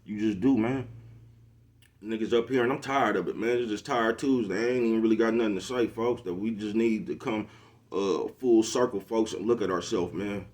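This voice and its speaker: This middle-aged social media commentator speaks to camera in a casual, preachy monologue, forever asking whether you know what he means. His voice is fairly low and a bit dark, at a normal speed.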